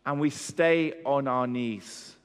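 A man's voice: mid-range voice, slow, clean tone. A man preaching a sermon, pressing his points with rhetorical questions and repetition. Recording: long hall reverb.

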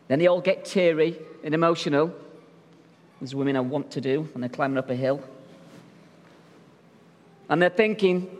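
A man's voice: fairly high pitch, normal speed, pauses often, long reverb tail. A male pastor preaching a sermon in a church, telling stories in a jokey, conversational way. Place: church sanctuary.

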